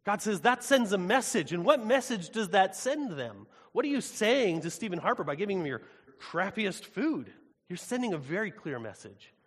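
A man preaching a sermon in a casual, animated, conversational way. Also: high voice, normal speed, husky. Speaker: pastor. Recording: long hall reverb.

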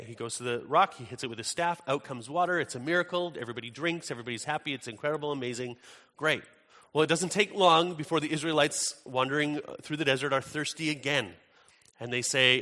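Male pastor, conversational sermon, bright tone, long hall reverb. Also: mid-range voice, fast talker. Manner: conversational storytelling with fillers and restarts.

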